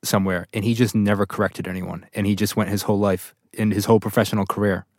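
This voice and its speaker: A man is a guest on a podcast and chats easily, telling good-humored stories. His voice sits a little lower than most men's. The recording is close and dry. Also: fast, dry recording. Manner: good-humored, animated storyteller. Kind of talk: casual podcast chat.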